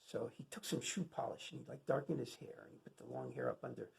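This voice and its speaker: A man's voice: medium pitch, wildly swooping pitch, fast talker, vocal fry. A man introducing a classic film to an audience, retelling behind-the-scenes anecdotes in a loose, conversational way with many fillers and restarts. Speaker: film lecturer introducing a screening. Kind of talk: casual spoken film introduction.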